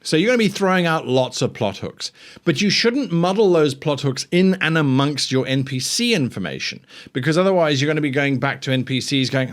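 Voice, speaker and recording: A man's voice: fairly high pitch, expressive, brisk. A man hosting a show, giving tabletop game master advice in a chatty, self-deprecating way. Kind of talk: casual instructional talk.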